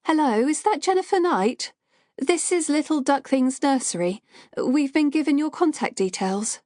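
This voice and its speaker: A woman's voice: sits high, lively intonation, normal speed, a little mellow, dry recording, clean studio sound, pitched above the performer's own voice. A woman putting on a shaky young nursery worker. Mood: worried. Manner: anxious, apologetic.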